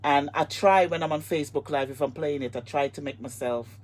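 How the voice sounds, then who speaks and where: A woman's voice: low-pitched, a little fast, darkish tone. A woman hosting a live online interview, effusive and emotional, repeating herself as she talks. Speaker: host.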